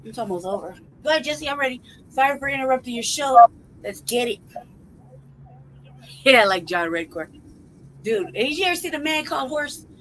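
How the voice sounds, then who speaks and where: A woman's voice: high-pitched, animated, fairly bright tone, slight background noise, poor audio. A woman co-host in crude casual banter, swearing freely and laughing often. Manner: profane, laughs often, drawls slowly.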